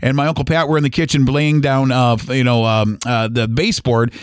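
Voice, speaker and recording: A man in his forties, a podcast host telling a personal story in an earnest, halting way with many fillers and restarts. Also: medium pitch, level tone, clear, resonant tone, no room sound, studio quality. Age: 40s.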